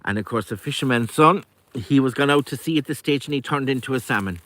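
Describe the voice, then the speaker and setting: A man's voice: mid-range voice, fast, no room sound. Man telling a folk tale. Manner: lively, conversational, with asides. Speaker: storyteller. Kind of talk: oral folk storytelling.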